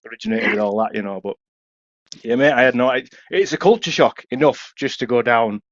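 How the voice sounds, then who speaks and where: A man's voice: mid-range voice, fairly quick, no echo. A young man with a Yorkshire accent, co-hosting a casual chat and telling a rambling, sweary story. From Yorkshire, England. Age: young adult. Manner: swearing, rambling storyteller, acts out quoted voices. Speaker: podcast co-host. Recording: dull, dry sound.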